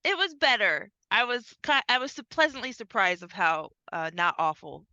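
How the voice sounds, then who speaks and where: A woman's voice: moderate pace, dry recording, highs cut off. A woman co-hosting a podcast in casual chat, retelling a film scene by scene and acting out the characters' lines. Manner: animated, acts out characters' lines with big pitch jumps. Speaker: podcast co-host.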